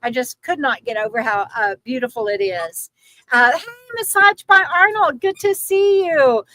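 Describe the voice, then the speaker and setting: Chatty high-voiced woman livestreaming. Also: normal speed, rough recording. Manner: chatty, giggly, talks to her dog in a soft baby voice. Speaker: vlogger hosting a livestream. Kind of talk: casual live chat reading viewer comments.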